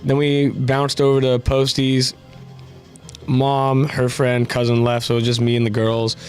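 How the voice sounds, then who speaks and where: A young adult man, a podcast co-host, chatting casually and telling a lively story, acting out the lines of the people in it. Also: medium pitch, unhurried, smooth, faint music behind. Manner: animated storytelling, acts out quotes. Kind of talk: casual chat.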